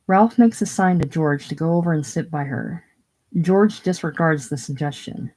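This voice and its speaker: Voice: mid-range voice, normal speed, a little mellow. Casual reader, stage directions, plain delivery. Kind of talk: casual play reading.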